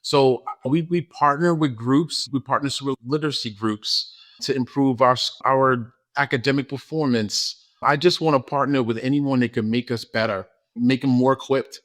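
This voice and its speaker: An earnest man speaks at an ordinary middle pitch. He talks casually as a guest on a podcast, repeating words as he searches for them. His feelings come through openly as he talks. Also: moderate pace, a bit bright. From New York. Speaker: school principal, guest. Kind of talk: casual interview talk.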